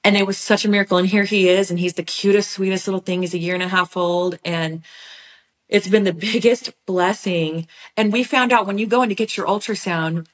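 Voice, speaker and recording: Animated woman telling a heartfelt story. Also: mid-range voice. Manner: animated, heartfelt, quick bursts of speech. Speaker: podcast guest. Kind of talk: personal storytelling in conversation.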